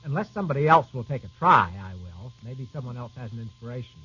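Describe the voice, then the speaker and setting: A man answering as a panelist on an old-time radio quiz show in a quick, offhand way. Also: mid-range voice, animated, pushed and bright, breathy edge. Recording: noisy lo-fi old radio broadcast, off mic.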